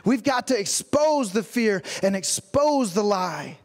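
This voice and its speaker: Pastor guy, kinda high voice, preaching w/ funny stories and little acted bits. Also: animated, a little slow. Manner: storytelling with humor and acted-out quotes. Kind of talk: sermon.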